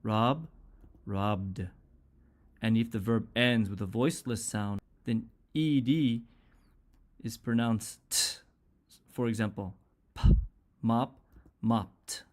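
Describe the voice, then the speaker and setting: A man's voice: mid-range voice, takes it slowly. A man teaching an English pronunciation lesson, speaking carefully and repeating sounds and example words one at a time.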